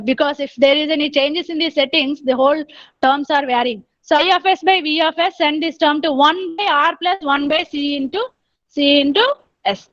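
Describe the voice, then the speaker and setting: Woman, very high voice, dull dry lo-fi sound, step-by-step lecture. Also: fairly bright tone, dry recording. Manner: explains step by step, repeats with frequent "okay". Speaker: engineering lecturer. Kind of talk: online lecture.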